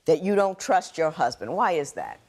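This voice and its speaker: A woman's voice: low-pitched, very animated, moderate pace, a little mellow. A woman presiding as a judge in a televised courtroom, questioning the litigants with dry, probing remarks.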